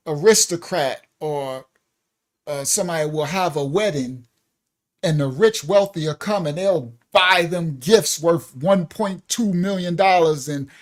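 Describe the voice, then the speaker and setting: An older man hosting a casual livestream, reading viewer comments aloud, laughing often and searching for words with plenty of fillers. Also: fairly high pitch. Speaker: livestream host. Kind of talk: casual live-stream chat.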